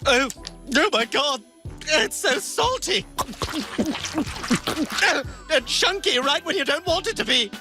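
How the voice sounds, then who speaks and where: A man's voice: extremely high pitch, sing-song, slow, pauses often, over music, pitched above the performer's own voice, heavily acted. A man voicing an eager, groveling young man who is desperate to fit in, speaking in a pleading, apologetic way.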